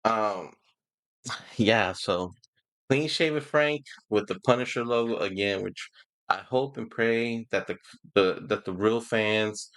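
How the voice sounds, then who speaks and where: A man's voice: fairly low pitch, a little slow, a bit bright. A man reviewing a TV show in a casual, rambling way, often laughing and getting emotional. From Houston, Texas. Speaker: movie and TV reviewer.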